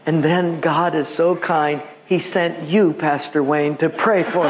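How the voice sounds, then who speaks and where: A male pastor from Hawaii preaching a sermon, telling a story and acting out quotes in an animated voice. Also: a little high, unhurried, hardly any pauses, big-room sound, over a noisy crowd, heavy background noise. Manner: animated, acts out quotes with raised voice.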